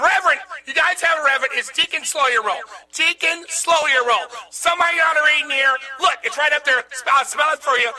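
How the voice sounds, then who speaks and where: Guy putting on a greedy bossy deacon, super high squeaky voice, pushy about cash, comedy sketch. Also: heavily acted. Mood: indignant. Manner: pushy, indignant, loudly demanding money. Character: greedy pompous male church deacon, bossy and rude.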